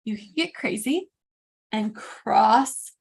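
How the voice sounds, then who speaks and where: A woman hosting a casual live makeup tutorial, chatty and animated, often interrupting herself. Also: a little high, slow, creaky. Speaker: makeup demo host.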